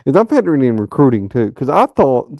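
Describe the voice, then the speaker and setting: Gravelly man hosting a sports call-in. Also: mid-range voice, sing-song, no echo, highs cut off. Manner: drawn-out, stammering opinion talk. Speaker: host of a fan call-in show. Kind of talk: casual sports talk.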